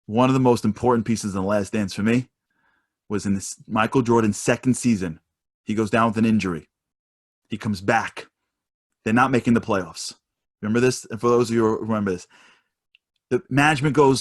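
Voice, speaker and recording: A man's voice: fairly low pitch, brisk, pauses often. A man giving an emphatic motivational talk over a video call, repeating his points with energy. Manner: emphatic, repetitive, animated preacher-like delivery. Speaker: guest speaker.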